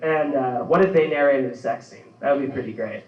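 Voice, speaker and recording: A young man in his twenties doing a stand-up set in a small club, rambling and deadpan, often laughing at his own jokes. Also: mid-range voice, fairly quick. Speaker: stand-up comedian. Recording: roomy, distant, dull club recording. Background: club room.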